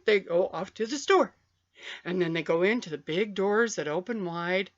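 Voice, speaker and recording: A woman telling a story on a vlog in an animated, playful way, stretching out repeated phrases, recorded on a webcam. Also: mid-range voice, muffled recording. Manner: animated, playful, drawn-out repetitions. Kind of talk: casual spoken storytelling.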